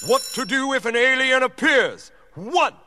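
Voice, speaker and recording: A man voicing a shrill announcer who calls out numbered points in a clipped way. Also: animated, a little slow, bright, forceful tone, long reverb tail, slight background noise, exaggerated voice. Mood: announcing.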